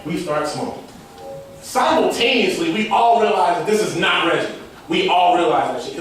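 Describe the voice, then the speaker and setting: A young man performing a stand-up comedy set, telling a loose story with slangy banter and frequent laughs. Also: fairly high pitch. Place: stage at a student comedy show. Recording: echoey room from far off with noise.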